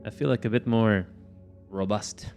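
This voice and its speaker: A man's voice: fairly low pitch, steady tone, measured pace, a little mellow, faint music behind. A man taking part in a tabletop game as a player, chatting in an inquisitive, easygoing way. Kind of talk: casual tabletop game chat.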